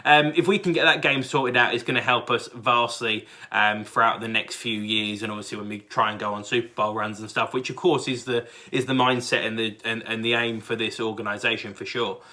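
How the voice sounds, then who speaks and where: Excitable British man reacting to football. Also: fairly low pitch, a little fast, few pauses. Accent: British English. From England. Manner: excitable, rambling with many fillers and restarts. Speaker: sports fan channel host. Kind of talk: casual fan reaction.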